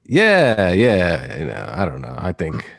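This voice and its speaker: A man's voice: deep voice, huge pitch swings, slow pace, vocal fry, a bit bright. A man hosting a podcast in casual, rambling chat, joking and teasing his co-hosts. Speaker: podcast host.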